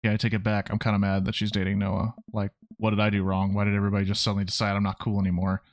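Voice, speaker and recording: A man reading the lines of a hurt, angry teenage girl from a dating game, in his own low voice. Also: monotone, rapid-fire, dry recording, lightly acted. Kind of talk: reading game dialogue aloud.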